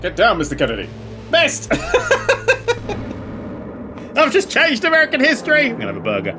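A man giving loud, swearing, excitable live commentary while streaming a game, with sudden yelps and laughs. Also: on the high side, normal speed, long pauses, a little hiss or hum.

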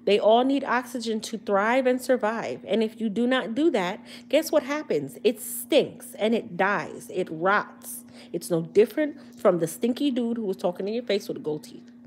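A woman's voice: on the high side, animated, normal speed, few pauses, slight background noise. A woman hosting a casual hair care livestream, joking and using slang as she talks straight to her viewers. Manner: chatty, comedic, slangy, addressing viewers directly.

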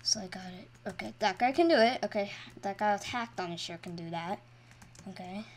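A woman hosts her own gaming video in a loose, chatty way. Her voice sits at a plain middle pitch. She mumbles to herself, then bursts into loud, high-pitched yells. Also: fairly quick. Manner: excitable, swings from mumbling to loud shrieks. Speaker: gaming channel host. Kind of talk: casual gameplay commentary.

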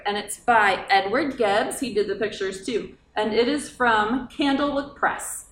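A woman's voice: mid-range voice, fairly bright tone, a little hiss or hum. A woman librarian reading a picture book aloud to children in a coaxing, sing-song way and asking them questions. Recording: roomy, from a distance.

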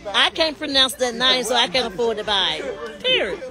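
A woman chatting casually on a phone live stream, animated and talking straight to her viewers, outdoors at night and then inside a car. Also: a little high, moderate pace, crowd noise. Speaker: livestreamer showing a car. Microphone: phone held in hand.

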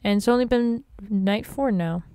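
A woman's voice: medium pitch, normal speed, warm tone, clear, resonant tone. A woman hosting a horror game playthrough, chatting and joking at the game's characters while sounding tired. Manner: chatty, jokey, talks to the screen. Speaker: gaming channel host. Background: game music.

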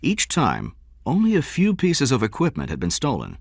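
A man reading an audiobook narration in a steady, measured way. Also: mid-range voice, creaky, slightly rough, no echo, studio quality. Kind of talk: scripted narration.

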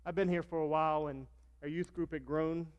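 A man's voice: fairly high pitch, fairly even intonation, brisk, clean tone, lo-fi sound. Man preaching a sermon. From Virginia, US. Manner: storytelling, acts out dialogue with raised voice. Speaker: pastor.

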